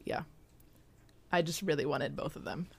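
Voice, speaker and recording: Chatty young woman, lowish voice. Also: normal speed, gravelly, a little mellow, breathy edge. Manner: chatty, frequent "like" and "um" fillers. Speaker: podcast co-host. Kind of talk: casual chat recapping a sitcom episode.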